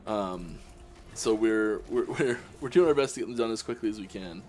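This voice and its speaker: A man's voice: on the low side, animated, normal speed, a little mellow. A Canadian man, a game developer, chatting casually on a live stream and answering viewer questions, with many restarts and fillers. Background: faint game music.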